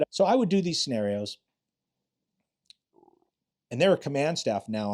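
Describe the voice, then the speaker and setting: A man's voice: mid-range voice, darkish tone. A middle-aged man, a retired detective, telling stories bluntly and with profanity in a casual interview. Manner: blunt and profane, acts out quotes in other voices. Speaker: retired homicide detective, podcast guest.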